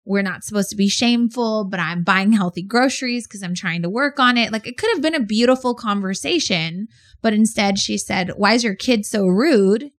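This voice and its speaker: Frank, animated woman co-host. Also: mid-range voice, fairly quick. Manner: frank, animated storyteller with swearing. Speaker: podcast co-host. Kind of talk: casual chat.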